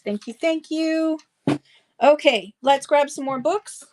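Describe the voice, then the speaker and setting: A woman's voice: high-pitched, takes it slowly, darkish tone, a little hiss or hum. A woman running a live-stream book sale, chatting casually with rambling asides and thanking buyers by name. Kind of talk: casual live-auction selling chat.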